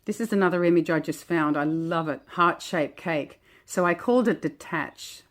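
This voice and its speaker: A woman talking casually and reflectively as she walks through her homemade oracle cards, gentle and chatty. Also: fairly low pitch, normal speed. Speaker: oracle deck creator.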